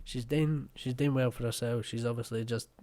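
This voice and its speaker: A man's voice: medium pitch, fairly even intonation, normal speed, warm tone. A man with a West of Scotland accent hosting a reaction video, talking casually, swearing bluntly and joking.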